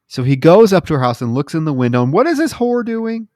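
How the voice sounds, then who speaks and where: A man's voice: a little high, very animated, fast talker, darkish tone, no room sound, clean studio sound. Profane, wry male podcast host. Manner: profane, wry storytelling, acts out lines of the film's characters. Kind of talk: casual movie recap chat.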